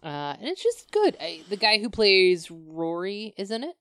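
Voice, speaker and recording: A woman's voice: medium pitch, big pitch swings, a little slow, a bit bright, no room sound, studio quality. A woman co-hosting a podcast in casual chat, opinionated and laughing often. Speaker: podcast co-host.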